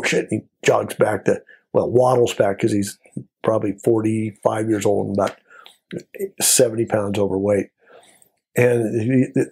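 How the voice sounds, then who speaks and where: An older man, a former border patrol agent, telling a story in an interview in a lively way and acting out the voices of the people in it. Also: fairly low pitch, slightly rough. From United States. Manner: animated storyteller, acts out quoted voices.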